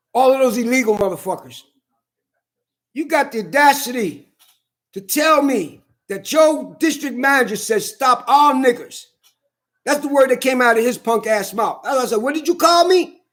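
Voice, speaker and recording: High-voiced man ranting angrily. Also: expressive, moderate pace, fairly bright tone. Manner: heated, profane, repetitive venting. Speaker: vlogger. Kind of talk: angry ranting monologue.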